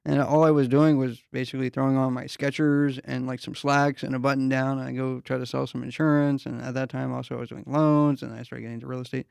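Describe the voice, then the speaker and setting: Gravelly, flat-voiced man from the East Coast. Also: mid-range voice, fast talker, hardly any pauses, no room sound, studio quality. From East Coast of the USA. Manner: laid-back, rambling, full of "like" and "you know". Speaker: podcast host. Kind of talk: casual interview talk.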